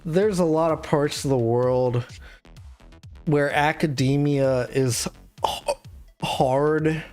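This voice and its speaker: A drunk streamer hosts a casual late-night chat in a slow, drawn-out, middling-pitched voice. They ramble, swear and trail off, hiccuping now and then, with faint music under the talk. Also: darkish tone. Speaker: streamer host.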